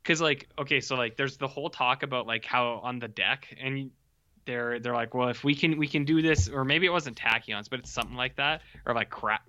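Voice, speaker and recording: Male podcast co-host, casual and blunt, sharp bright voice, muffled lo-fi recording. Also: medium pitch, a little fast. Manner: blunt, swears freely, acts out reactions. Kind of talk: casual chat reviewing TV episodes.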